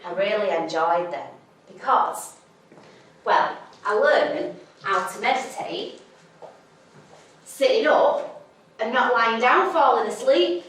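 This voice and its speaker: This young woman from Manchester, England performs a comic stage story with a Mancunian accent, blunt, sweary and mocking herself. Her voice is a little high, bright and expressive, and she takes it slowly with long pauses. The theatre recording is echoey and distant.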